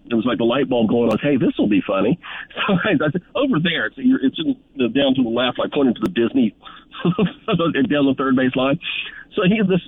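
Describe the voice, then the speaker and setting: A man co-hosts a sports talk show and spins an anecdote with an animated, laughing delivery. His voice is slightly husky and swings widely in pitch, with a narrow, phone-like sound in a dry space. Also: dry recording. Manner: animated storyteller, laughs mid-story. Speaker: co-host. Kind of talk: casual sports radio chat, storytelling.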